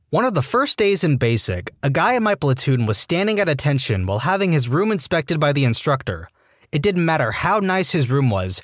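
A man reading online stories aloud as scripted narration, lively and now and then voicing the people in them. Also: a little high, dry recording, studio quality. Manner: lively reading with voiced character quotes. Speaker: story narrator.

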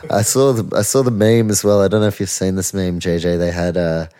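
A man's voice: sits low, steady tone, a little fast, dark tone, clear, resonant tone. A young man, hosting a casual sports podcast, ranting and swearing in disbelief. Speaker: podcast host.

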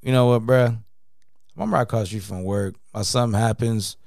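A man's voice: lowish voice, steady tone, fairly quick, gravelly, darkish tone, dry recording, clean studio sound. A man telling a story in casual podcast chat, slangy and profane, filling his talk with "you know what I mean.". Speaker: podcast co-host.

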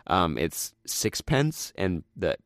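Deep-voiced young man rambling casually. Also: big pitch swings, slow, no room sound, clean studio sound. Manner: rambling, many fillers, drops into low quiet voice for quotes. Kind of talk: casual chat, retelling stories.

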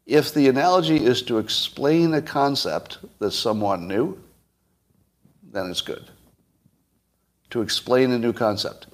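A man's voice: medium pitch, measured pace, long pauses. A man hosting a solo commentary monologue, blunt, sarcastic and emphatic. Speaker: host.

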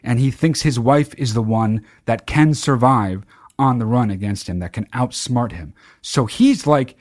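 A man hosting a casual monologue to his viewers, telling a story in a profane, excitable way with sudden loud outbursts. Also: mid-range voice, unhurried, no echo, clean studio sound. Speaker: channel host.

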